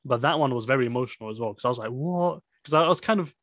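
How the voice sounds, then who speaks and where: A man's voice: mid-range voice, very fast, fairly bright tone, no room sound, studio quality. A man casually discussing a film with a friend, rambling with many fillers and restarts.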